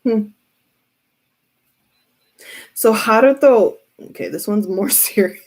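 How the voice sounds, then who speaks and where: Speaking slowly in a mid-range, darkish voice, a tarot reader keeps dissolving into giggles during her casual reading.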